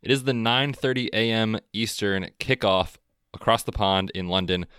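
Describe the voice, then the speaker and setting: A man co-hosting a podcast, chatting casually about football with a relaxed, chatty manner. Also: lowish voice, moderate pace, clean tone, no room sound, clean studio sound. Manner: relaxed, chatty, frequent fillers. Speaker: podcast co-host. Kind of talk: casual sports chat.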